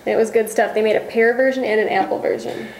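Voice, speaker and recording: A woman's voice: fairly high pitch, steady tone, fast talker, a little hiss or hum. A young woman co-hosting a casual sports chat, chattily telling travel stories. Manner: chatty, storytelling. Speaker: co-host. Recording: roomy echo.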